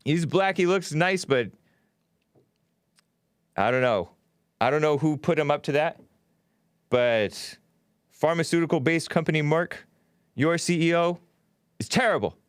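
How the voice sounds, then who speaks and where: A man hosts a solo commentary show, reading news aloud and breaking in with mocking, sarcastic remarks. His voice is lively, jumping around in pitch. The sound is close and dry, with no room echo. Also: measured pace, long pauses, clear, resonant tone. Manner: sarcastic, mocking asides between quoted statements. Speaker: podcast host.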